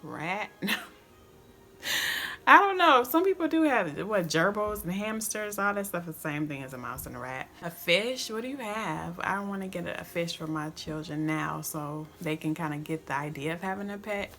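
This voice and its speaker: Young woman vlogger, lower voice, gentle halting story-time delivery. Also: animated, faint music behind. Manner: soft, reflective, halting with restarts. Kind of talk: story-time vlog to camera.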